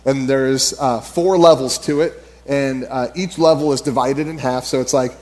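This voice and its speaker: A man's voice: mid-range voice, steady tone, normal speed, darkish tone. A man giving a casual, storytelling sermon at church, rambling with lots of fillers and frequent laughter. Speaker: church speaker.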